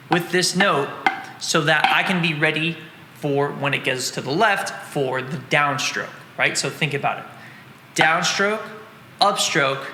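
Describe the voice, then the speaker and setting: A man's voice: on the high side, pushed and bright, reverberant, in a large hall, slight background noise. A man teaching drums, patiently explaining and counting out strokes in an instructional lesson. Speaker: drum teacher.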